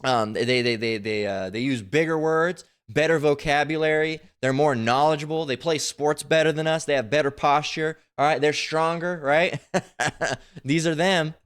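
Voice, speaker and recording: A man's voice: a little high, normal speed, fairly bright tone, smooth. A man giving rambling, coarse preaching commentary over a video he is playing. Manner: rambling, coarse, cursing ranter. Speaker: religious commentator.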